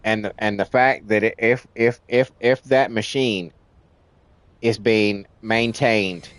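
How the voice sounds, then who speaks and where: A man's voice: on the low side, steady tone, slow, fairly bright tone, clean tone, no room sound. A man streaming a game, venting in a rambling rant full of restarts and swearing, and in nicotine withdrawal. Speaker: livestream gamer.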